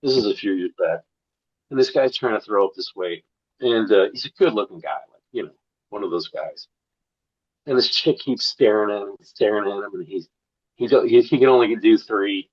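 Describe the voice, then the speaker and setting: A man's voice: on the low side, moderate pace, breathy edge, muffled recording. A man from St. Louis, a comedian guest on a podcast, telling profane stories with punchy asides. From St. Louis, USA. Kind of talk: casual podcast chat.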